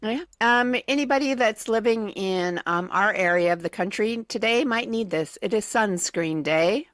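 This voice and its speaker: A woman's voice: medium pitch, normal speed, a bit bright, no echo, clean studio sound. Wry chatty woman radio host. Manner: chatty, many ums, wry. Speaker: radio morning show co-host. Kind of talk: casual on-air banter.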